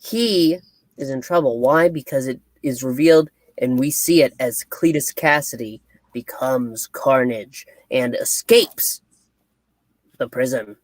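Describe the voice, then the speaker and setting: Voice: medium pitch, measured pace, no echo. A reviewer talking through a movie in casual chat, playfully asking and answering their own questions.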